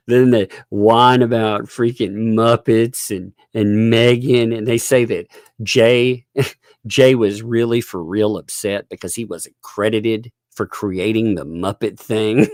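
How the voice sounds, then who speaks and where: A man's voice: fairly low pitch, steady tone, takes it slowly, darkish tone, no echo, clean studio sound. A man giving live-stream commentary, ranting and laughing as he mocks other streamers. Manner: laughing, mocking, exasperated rants.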